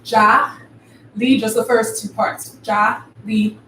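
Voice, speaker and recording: A woman teaching a live dance class, counting rhythms out loud with vocal syllables like ba and da, and explaining arm and foot movements. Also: fairly high pitch, level tone, slow. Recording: echoey room from far off, faint noise.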